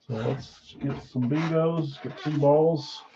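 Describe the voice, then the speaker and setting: A man's voice: on the high side, steady tone, slow, noisy background. Guy running a card break stream, kinda sleepy, reads names off a list, muffled lo-fi sound. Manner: casual, reads names off a list, tired and yawning. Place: card shop.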